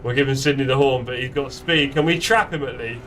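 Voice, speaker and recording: A man's voice: mid-range voice, a little fast, fairly bright tone, distant mic, a little hiss or hum. A man chatting playfully with friends while live-streaming a sim racing game. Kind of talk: live gameplay chat. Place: home sim racing setup.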